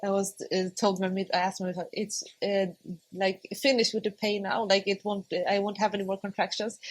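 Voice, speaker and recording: Husky woman telling a birth story. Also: mid-range voice, brisk, poor audio. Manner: laughs often, animated quoting of herself. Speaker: podcast guest. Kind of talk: conversational storytelling.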